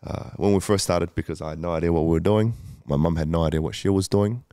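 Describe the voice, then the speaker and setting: A man's voice: sits low, quick pace, warm tone, smooth, no room sound, clean studio sound. A man, a guest telling a candid personal story, emotional, swearing often and using many fillers. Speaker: guest entrepreneur.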